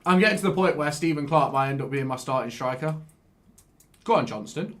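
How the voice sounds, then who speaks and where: A man giving casual live-stream commentary while he plays a game, excitable, swearing and chatting with viewers. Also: on the high side, fairly quick.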